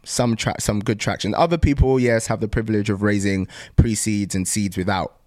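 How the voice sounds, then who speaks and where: A young man with a very low, deep voice talks through his path as a founder in a relaxed interview. He is thoughtful, often pausing on "um" and restarting his phrases. The recording is dry and close, with no room sound. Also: no echo. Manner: thoughtful, frequent um pauses and restarts. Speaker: startup founder. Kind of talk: casual interview conversation.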